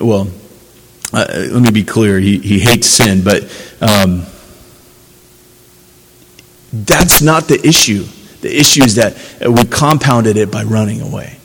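A man's voice: on the low side, a little slow, fairly bright tone, husky, big-room sound, low-quality recording. A man preaching a sermon, earnest and conversational, building to emphatic passages. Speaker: pastor.

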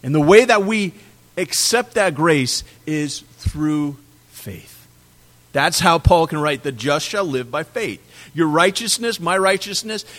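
A man with a somewhat high voice delivers a sermon to his congregation. He preaches with animation, hitting words hard and then letting them fall quiet. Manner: animated preaching, swinging from loud emphasis to quiet drops. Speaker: pastor.

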